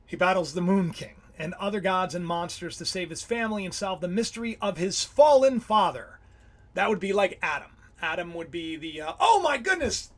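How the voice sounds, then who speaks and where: A man hosting a casual livestream about Bible symbolism, rambling and excitable, often breaking off mid-sentence. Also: high voice, normal speed. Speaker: livestream host.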